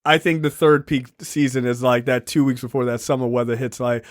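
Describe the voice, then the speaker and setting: A man's voice: mid-range voice, fairly even intonation, brisk, no echo, clean studio sound. A man co-hosting a podcast movie review, talking casually with lots of ums and jokey asides. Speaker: podcast co-host.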